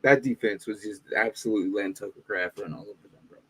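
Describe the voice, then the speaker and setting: A man's voice: fairly low pitch, fast talker, husky. A man co-hosting a casual sports podcast, laid-back, often trailing off and tossing in "bro" and "man". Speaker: podcast co-host.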